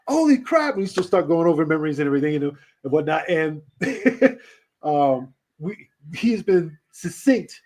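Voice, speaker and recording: A man who hosts a radio show, telling casual stories in an interview with lots of laughs and swearing. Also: fairly high pitch. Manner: animated, laughing, swearing storyteller. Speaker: radio host being interviewed.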